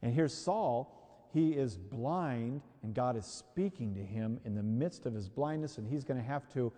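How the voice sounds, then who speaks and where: Animated male preacher in a reverberant hall. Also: mid-range voice, a little slow. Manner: emphatic and animated, repeats key phrases and acts out everyday voices. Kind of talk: sermon.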